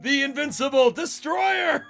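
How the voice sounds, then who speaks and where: Man doing a cackling villain doctor, theatrical, gravelly, animated. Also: sits high, brisk, faint music behind, heavily acted. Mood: triumphant. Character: gloating older male mad scientist villain.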